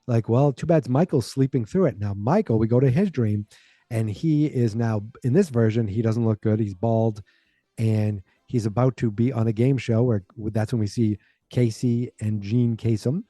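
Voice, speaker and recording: A man hosting a podcast, casually recapping a sitcom episode in a rambling way and jumping into a higher voice to quote the characters. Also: normal speed, mellow, no room sound. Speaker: podcast host.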